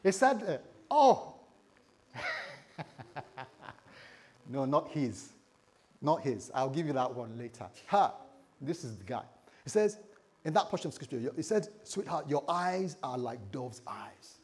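A man's voice: medium pitch, sing-song, measured pace, pauses often, a little mellow. A man preaching a sermon, joking with a laughing congregation and leading them in prayer. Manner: playful, jokes with the congregation. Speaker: pastor.

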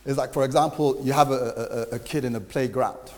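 A man's voice: medium pitch, fairly even intonation, a little fast, darkish tone. A man, a pastor, preaching a sermon in a conversational way and acting out quotes. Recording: reverberant hall with faint noise.

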